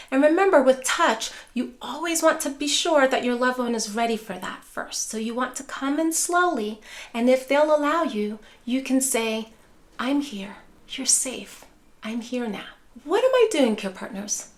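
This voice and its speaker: A middle-aged woman, a dementia care specialist, giving a soft, soothing instructional talk and calling her viewers care partners. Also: high voice. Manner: soft, soothing, repeats "care partners", drops to a gentle hush for example phrases. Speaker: neuropsychologist and dementia care educator.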